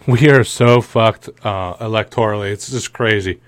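A man's voice: lowish voice, takes it slowly, no echo. Sarcastic, profane podcast host man. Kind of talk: casual ranting commentary.

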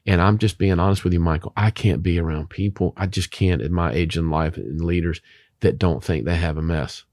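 A man's voice: sits low, fairly quick, a little mellow, dry recording, studio quality. A man who is a Christian author, talking about faith in an emphatic, preacher-like way full of rhetorical questions.

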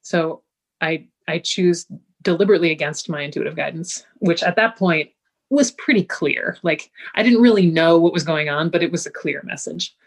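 A middle-aged woman, a healer appearing as a guest, tells a personal story in a casual interview, speaking at normal speed in a fairly low voice. She's a lively storyteller who acts out what people said to her.

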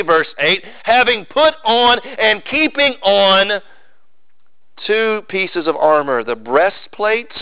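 A pastor with a voice that sits high for a man preaches emphatically, hammering his points home by repeating phrases. The recording is dry and close with no echo, sounding a bit dull and muffled.

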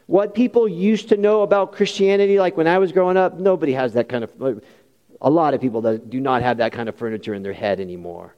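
A man's voice: on the high side, fast, highs cut off. A man preaching a sermon as a pastor, impassioned and rising to emphatic peaks, with folksy personal asides. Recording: long hall reverb.

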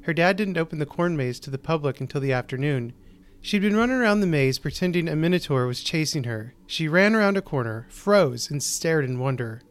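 A man hosting and narrating a short story, reading in a measured, deliberate way with slowed pauses. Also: fairly high pitch, lively intonation, clean tone. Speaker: host and narrator.

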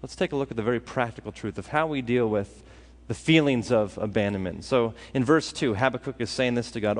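A man preaching a sermon as pastor, animated and acting out what his listeners think. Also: medium pitch, a little fast. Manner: animated, acts out listeners' thoughts. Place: church sanctuary. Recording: long hall reverb.

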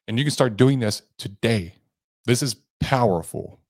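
A man's voice: mid-range voice, expressive, normal speed, no echo, clean studio sound. A man hosting a sales coaching podcast, talking earnestly and with emphasis. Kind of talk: motivational podcast monologue.

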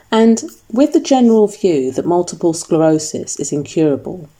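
A woman narrating her own story in a measured, reflective scripted voice-over. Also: low voice, dark tone. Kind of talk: scripted first-person narration.

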